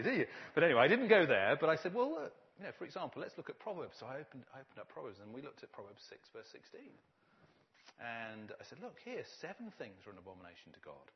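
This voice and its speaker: A man preaches to a church gathering in a relaxed, conversational way. He drops in wry humor and leans hard on the words he wants to stress. His voice sits at an ordinary pitch, and the recording sounds dull and lo-fi. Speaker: pastor. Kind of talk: preaching talk to a church audience.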